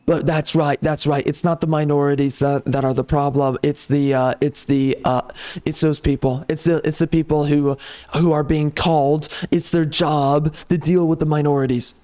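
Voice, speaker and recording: A man's voice: a little high, flat delivery, normal speed, a little mellow. A man ranting off the cuff over gameplay, heated and sarcastic, often repeating himself. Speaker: gaming channel host.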